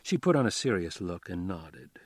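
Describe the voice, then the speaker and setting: A man narrating a crime novel audiobook with a calm, measured reading. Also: deep voice, no room sound. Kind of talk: scripted narration.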